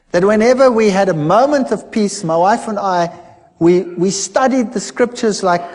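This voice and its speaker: Animated man telling his testimony. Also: high-pitched, in a large hall. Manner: animated storyteller acting out quoted dialogue. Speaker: former science lecturer telling his conversion story. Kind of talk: personal testimony talk.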